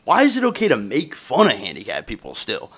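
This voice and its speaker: A man's voice: mid-range voice, wildly swooping pitch, fairly quick, a bit bright, husky. Profane young man ranting on a podcast. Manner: profane, rambling, streetwise slang. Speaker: podcast host. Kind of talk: casual comedic podcast rant. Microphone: phone.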